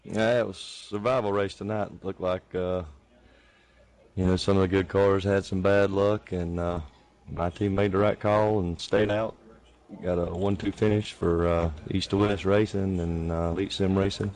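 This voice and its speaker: A man giving a modest, low-key post-race interview as the winning sim racer. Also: flat delivery, normal speed, a little mellow.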